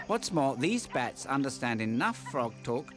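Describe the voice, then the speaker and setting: A man's voice: medium pitch, big pitch swings, a little slow, fairly bright tone. A man giving scripted comedic narration for a nature documentary, with playful joking asides. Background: music.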